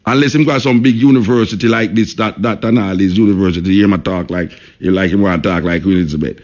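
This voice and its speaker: A man's voice: sits low, fast, darkish tone, highs cut off. A man with a Jamaican accent hosting a radio talk show, speaking emphatically, repeating points and saying "you know" often.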